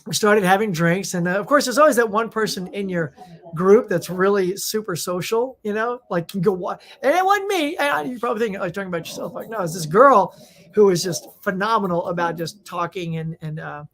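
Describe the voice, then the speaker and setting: A woman's voice: medium pitch, brisk. Middle-aged woman losing her voice. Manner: rambling, animated storytelling with many fillers. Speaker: host. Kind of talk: casual live Q&A chat.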